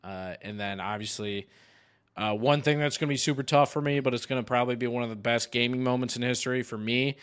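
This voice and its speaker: A young man in casual podcast chat, an animated storyteller who swears often and laughs mid-sentence. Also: medium pitch, quick pace, clear, resonant tone. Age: young adult. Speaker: podcast host.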